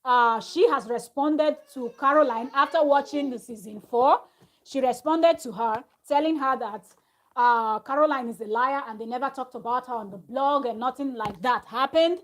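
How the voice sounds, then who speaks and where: A woman with a slightly high voice recaps a reality-show episode in a loose, chatty way. She retells the arguments with animation, like a vlogger talking straight to her audience from home. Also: moderate pace. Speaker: reality TV review host. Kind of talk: casual gossip recap to camera. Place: at home with her small child nearby.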